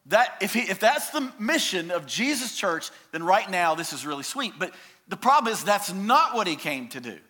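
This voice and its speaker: A man preaching a sermon as a pastor, emphatic, swinging from loud declarations down to hushed, drawn-out words. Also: sits high, sing-song.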